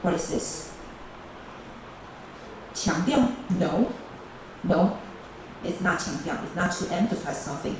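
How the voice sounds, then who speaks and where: A woman's voice: lowish voice, expressive, slow pace, long pauses, far from the mic. Echoey classroom teacher, woman. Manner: repeats key phrases and calls on teams. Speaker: high school English teacher. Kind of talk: bilingual classroom grammar lesson. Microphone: camera recording the class. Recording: echoey classroom video with background noise.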